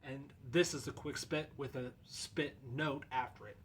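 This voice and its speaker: A man's voice: medium pitch, fairly even intonation, a little slow, very noisy. A man in a casual instructional video, explaining goose calling in a loose, folksy, conversational way.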